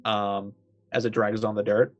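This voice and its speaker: A man's voice: lowish voice, flat delivery, unhurried, muffled recording. A man playing a tabletop game, describing his character's actions in a hesitant way. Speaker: player.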